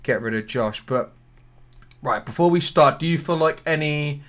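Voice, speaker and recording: A man's voice: a little high, normal speed, fairly bright tone. A man co-hosting a podcast, chatting in a rambling, sweary way. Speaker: podcast co-host. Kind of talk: casual chat.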